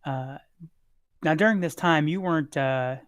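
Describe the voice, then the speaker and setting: A game master narrates a tabletop game casually and leans on fillers between phrases. The voice sits at mid pitch. The recording is dry and close. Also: a little slow, no echo.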